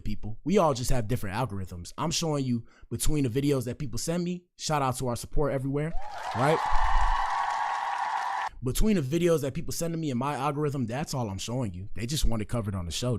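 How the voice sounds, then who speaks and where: Man hosting a podcast, mid-pitched, slangy and joking, rambling asides. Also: a little mellow. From Miami, Florida. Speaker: podcast host. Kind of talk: casual commentary show.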